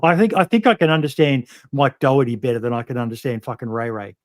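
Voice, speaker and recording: Male podcast host, middle pitch, blunt and profane, dry studio sound. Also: quick pace, no room sound. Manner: blunt, swears freely, many ums. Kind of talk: casual interview chat.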